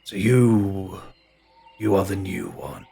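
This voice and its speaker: Man doing an ancient tree spirit: deep, very slow, solemn, weary. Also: vocal fry, mellow, husky, soft background music, exaggerated voice. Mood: curious.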